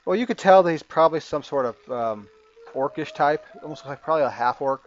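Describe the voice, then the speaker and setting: Halting man narrating a tabletop game. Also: fairly high pitch, animated, muffled recording. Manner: halting, with many fillers and restarts. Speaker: game master.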